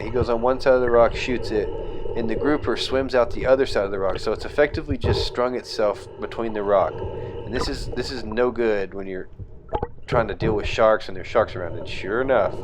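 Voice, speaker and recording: A young man casually narrating his own fishing trip footage as a voice-over, telling the story with fillers and restarts and growing excited at the tense moments. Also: lowish voice, background noise.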